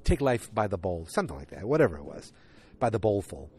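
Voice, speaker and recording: A man with a lowish voice talks off the cuff outdoors on a windy evening. He rambles and riffs through a recap, jumping into the characters' lines as he goes. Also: big pitch swings, quick pace, a little mellow, slightly rough. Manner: chatty, riffing, acts out characters' lines. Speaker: vlogger recapping a TV episode.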